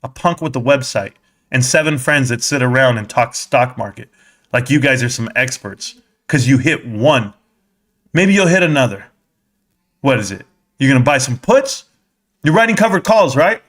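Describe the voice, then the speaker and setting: A man's voice: mid-range voice, lively intonation, normal speed, fairly bright tone. A man hosting a stock market live stream, ranting heatedly and combatively as he answers his chat.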